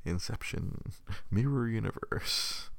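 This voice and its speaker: A man's voice: on the low side, drawn-out words, creaky, a bit bright, no echo. A man hosting a live podcast in casual, rambling chat, swearing a lot and laughing often. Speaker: podcast host.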